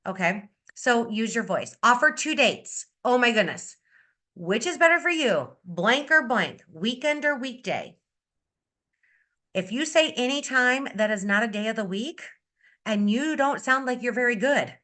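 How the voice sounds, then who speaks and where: A woman beauty consultant giving an upbeat, energetic sales-training talk on a video call, repeating her key advice. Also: a little high, a little slow. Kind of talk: coaching talk on a video meeting.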